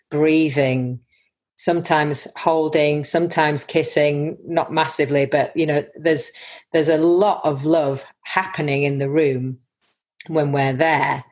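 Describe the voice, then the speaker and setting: A woman midwife giving an earnest, reflective account of her work, often pausing to search for words. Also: sits low, a little mellow.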